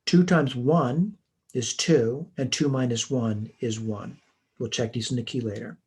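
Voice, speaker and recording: Man, math instructor, husky voice, methodical, talks through each step, recorded lesson. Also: mid-range voice, fairly even intonation, unhurried, a little mellow. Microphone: computer mic while writing on a tablet.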